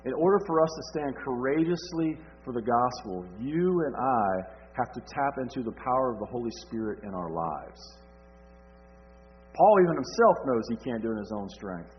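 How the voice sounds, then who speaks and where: A man's voice: medium pitch, lively intonation, normal speed. A man preaching a sermon, asking rhetorical questions and building emphasis. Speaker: pastor. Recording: dull lo-fi sound.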